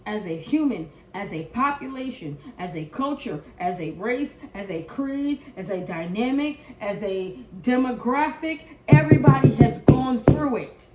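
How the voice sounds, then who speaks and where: A woman giving a tarot collective reading as an impassioned, profane rant. She swings from loud outbursts to hushed prayer. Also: a little high, lively intonation, a little slow, hardly any pauses, reverberant, background noise. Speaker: tarot reader.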